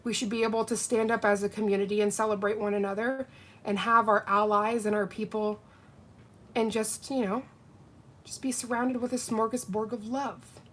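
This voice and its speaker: A woman hosting a nail polish livestream from home, chatting casually and reading out viewers' comments in a warm, gushing, heartfelt way. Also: medium pitch, little pitch movement, moderate pace, a little hiss or hum. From Canada.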